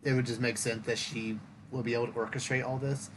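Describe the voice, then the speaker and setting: A man's voice: mid-range voice, level tone, fast, a little hiss or hum. A man hosting a podcast, talking through a film review in casual chat, thoughtful and explaining at length with occasional fillers. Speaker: podcast host.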